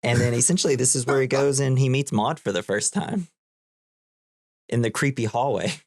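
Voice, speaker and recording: A man's voice: mid-range voice, normal speed, dry recording, clean studio sound. A man co-hosting a casual movie podcast, recapping the plot in a rambling way, full of "like". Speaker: podcast co-host.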